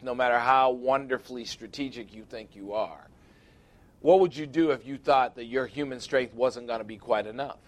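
A man preaching to his class on a body microphone, teaching with joking asides and slowing down for emphasis. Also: medium pitch. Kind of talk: sermon. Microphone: wireless body microphone.

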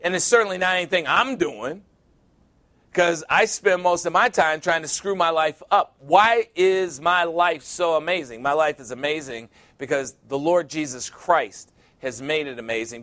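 Earnest preacher man, higher voice. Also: measured pace, fairly bright tone. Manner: earnest, call-and-response "Amen?". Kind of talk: sermon.

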